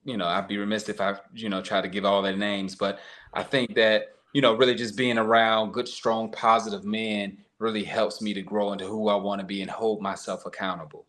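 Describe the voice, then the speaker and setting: Guest on a live-stream talk, man, low voice, earnest, filler-heavy. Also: little pitch movement, brisk, fairly bright tone.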